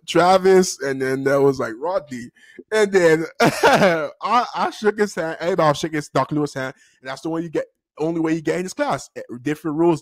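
A young man from Miami with a Miami accent, telling a school story in a slangy, animated vlog and laughing often. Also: a little high, dry recording, studio quality. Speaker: storytime vlogger.

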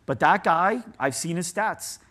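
A man's voice: high voice, a little slow. Chatty man telling stories as a guest. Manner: animated, storytelling, says "like" often. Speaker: guest agency CEO. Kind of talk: conversational interview.

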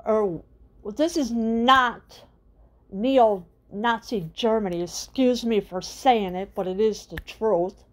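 A middle-aged woman with a fairly high voice speaks slowly as host of her own channel. She delivers an indignant political rant, firing off one rhetorical question after another.

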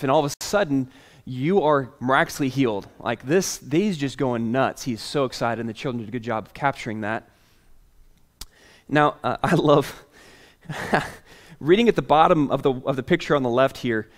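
A man preaching a sermon as pastor, telling a story playfully and then settling into a softer, earnest tone. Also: mid-range voice, moderate pace. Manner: animated, playful storytelling with chuckles; softer, earnest tone when making the point.

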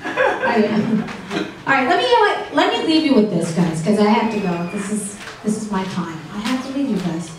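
A middle-aged woman doing a stand-up comedy set with dry, deadpan delivery and audience banter. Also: medium pitch, brisk. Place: comedy club stage. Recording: echoey club room from far off, noisy.

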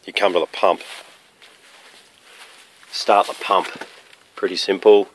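A man walking around his rural property outdoors, explaining his fire sprinkler system in a plain, practical, matter-of-fact way with pauses. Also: sits low, flat delivery, a little hiss or hum. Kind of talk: casual walkthrough narration. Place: outdoors on a rural property near a running pump.

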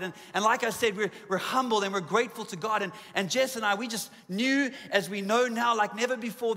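A man's voice: high-pitched, pushed and bright. A man pastor preaching a sermon in a church auditorium, joking at his own expense and stacking emphatic repeated lists. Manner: humorous, self-deprecating asides. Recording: long hall reverb in a church.

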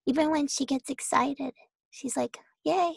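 A woman voicing a soft-spoken, whispery female owl who stays flat even when excited. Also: sits high, unhurried, creaky, no room sound. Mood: deadpan.

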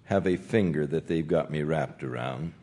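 An older man, a pastor, teaching the Bible verse by verse in a gentle conversational way, softly voicing the quotes he tells. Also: a bass voice, moderate pace, a little hiss or hum.

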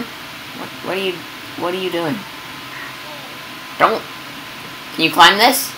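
A woman giving excitable, casual commentary over gameplay, yelping and laughing at the chaos. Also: sits low, noisy background.

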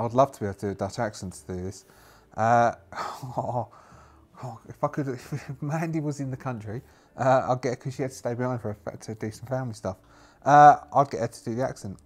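A man narrating a solo tabletop game, thinking aloud and rambling with many fillers. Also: mid-range voice.

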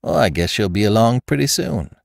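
A man's voice: lowish voice, sing-song, brisk, vocal fry, dry recording, clean studio sound, exaggerated voice. A man voicing a brusque, evasive country woman who answers shortly in rustic speech. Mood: curt.

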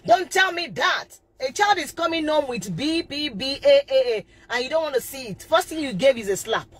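A woman's voice: high voice, lively intonation, brisk. A middle-aged woman giving an impassioned live talk as a parenting coach, stressing her points and often repeating and restarting phrases. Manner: emphatic, impassioned preaching.

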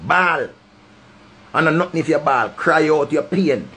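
A man's voice: on the high side, expressive, normal speed, fairly bright tone, breathy edge. A man with a Jamaican accent giving impassioned, preachy advice straight to camera, repeating his points for emphasis. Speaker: vlogger giving life advice.

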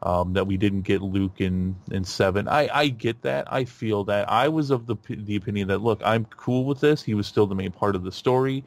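A man hosting a podcast in a casual chat, rambling with lots of fillers and restarts and getting animated. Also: fairly low pitch, moderate pace, hardly any pauses, no room sound. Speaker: podcast host.

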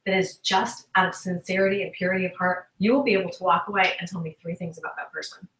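A woman giving an upbeat motivational talk, slipping into little acted-out dialogues as she tells her stories. Her voice is bright and sharp, and it comes from a little way off in an echoey room. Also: fairly low pitch, quick pace, recorded from a distance. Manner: animated storytelling, acts out quoted conversations. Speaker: guest speaker and sales trainer.

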